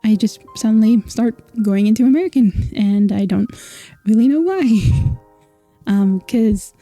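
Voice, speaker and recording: Dark-voiced Scottish woman streamer. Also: on the high side, unhurried, no echo, faint music behind. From Scotland. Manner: chatty, laughing, filler-heavy. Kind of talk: casual chat with viewers.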